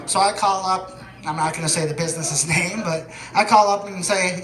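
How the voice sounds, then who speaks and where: A man performing a stand-up comedy set, telling deadpan stories that build to shouted punchlines. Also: high voice, brisk, reverberant. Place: comedy venue stage.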